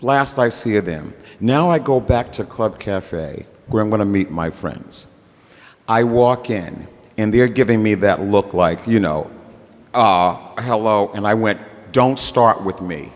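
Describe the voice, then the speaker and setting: An older man with a fairly low voice tells a story live at a festival stage in an easy, conversational way. He acts out the voices of the people in it. A long reverb trails his words. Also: measured pace.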